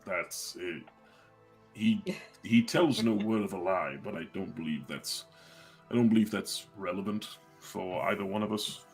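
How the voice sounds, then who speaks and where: A man role-playing his character at a tabletop game, speaking in a measured, formal, dry and hesitant way. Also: low voice, faint music behind.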